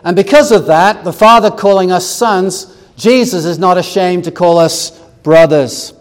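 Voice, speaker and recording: A man's voice: high voice, measured pace, big-room sound. A man preaching a sermon, reading scripture aloud and explaining it verse by verse with touches of humor.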